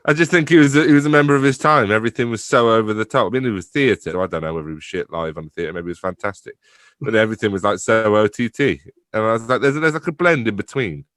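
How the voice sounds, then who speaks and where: With a fairly bright, lowish voice and a quick delivery, a young adult man chats on a podcast where he is a guest. The studio sound is clean with no room sound. A theatre company director, he rambles, laughs a lot and swears without restraint in casual conversation.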